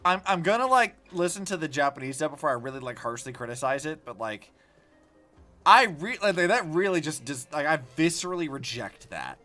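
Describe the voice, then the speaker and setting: Male streamer, casual game commentary, profane rants, very animated pitch. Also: a little fast, faint music behind. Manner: rambling, profane, animated ranting. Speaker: vtuber streamer.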